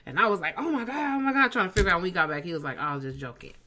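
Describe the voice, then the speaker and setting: Animated woman telling a story. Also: lowish voice, very fast, background noise. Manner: animated storyteller acting out quoted dialogue. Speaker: comedian and podcast host. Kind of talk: casual chat, storytelling.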